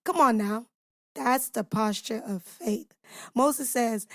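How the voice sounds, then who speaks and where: Speaking slowly in a fairly high voice, this woman teaches scripture on her devotional podcast with an emphatic, preacher-like rhythm. She talks to her audience casually and directly, throwing out rhetorical questions. The sound is dry and of studio quality.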